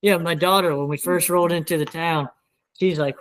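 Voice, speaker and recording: A young man from South Louisiana, a podcast guest with a twangy Southern accent, rambles through casual chat packed with fillers and frequent swearing. His voice is on the high side, steady and a little fast, and the audio is poor.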